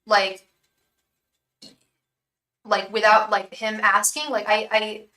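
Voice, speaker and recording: A woman's voice: medium pitch, level tone, slow, bright, forceful tone, far from the mic. A woman giving a live tarot reading, earnest and blunt, sometimes swearing and murmuring invocations to spirit guides. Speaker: tarot reader and psychic. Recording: echoey room, voice off-mic.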